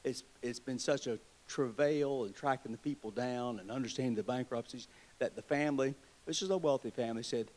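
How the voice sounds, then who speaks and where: In a convention hall, a state treasurer with a Southern US accent gives a political speech full of wry, joking, folksy stories. His voice is mid-range and a little mellow, and he speaks fairly quickly.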